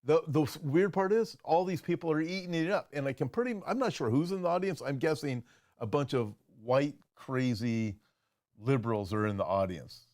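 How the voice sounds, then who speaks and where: A man, a pastor hosting a show, giving animated, incredulous commentary on video clips. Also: fairly high pitch, moderate pace.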